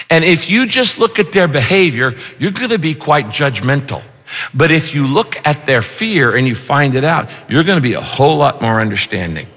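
A male pastor preaching a sermon with animated, punchy rhyming lines. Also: mid-range voice. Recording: long reverb of a large hall.

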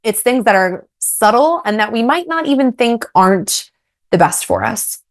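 A woman's voice: on the high side, very animated, moderate pace. A woman author guesting on a radio talk show, speaking thoughtfully in long, rambling sentences with restarts and light laughs. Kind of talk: casual radio interview.

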